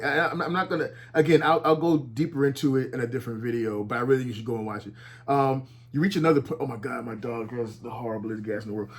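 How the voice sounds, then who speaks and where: A man giving casual, animated commentary at home, talking with heavy profanity and frequent restarts. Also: mid-range voice. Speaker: commentary vlogger. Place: at home with his dog nearby.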